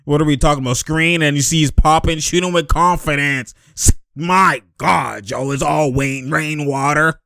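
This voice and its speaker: Excitable man reacting to basketball highlights. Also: clear, resonant tone, dry recording, clean studio sound. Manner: animated, laughs often, shouts at plays.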